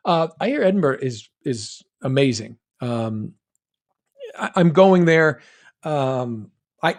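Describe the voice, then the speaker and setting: An American man with a General American accent answering fan questions on a live stream, chatty and joking, with quick asides and restarts. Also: mid-range voice, vocal fry, a little mellow. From United States. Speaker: guest voice actor answering fan chat. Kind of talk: live stream Q&A, reading chat questions aloud.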